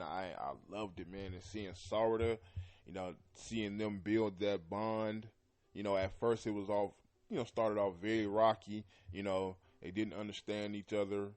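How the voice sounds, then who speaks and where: Male podcast host, lower voice, easygoing rambling fan commentary, frequent throat clearing. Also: a little mellow. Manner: loose and rambling, heavy with "you know" and "man"; often clears his throat. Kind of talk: casual anime commentary.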